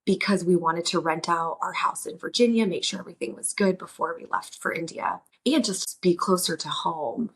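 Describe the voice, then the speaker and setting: Husky-voiced woman, reflective. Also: low voice, a bit bright. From United States. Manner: rambling, reflective, with frequent restarts. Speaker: podcast host. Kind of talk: reflective solo podcast monologue.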